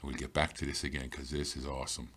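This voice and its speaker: A man teaching an Irish grammar lesson, explaining patiently and reading example sentences slowly. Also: very deep voice, monotone, fairly bright tone, husky.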